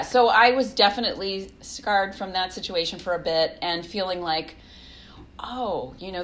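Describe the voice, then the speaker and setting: A woman in her thirties, a guest telling lively stories in casual conversation, laughing often and acting out quotes. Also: fairly low pitch, slight background noise. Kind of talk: casual interview storytelling.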